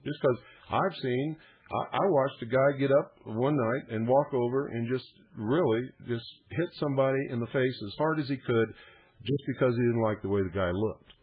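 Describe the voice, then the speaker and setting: A man's voice: medium pitch, normal speed, slightly rough. A man hosting a call-in radio show, talking bluntly and lecturing his callers. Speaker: radio talk show host. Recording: tinny phone-like radio broadcast.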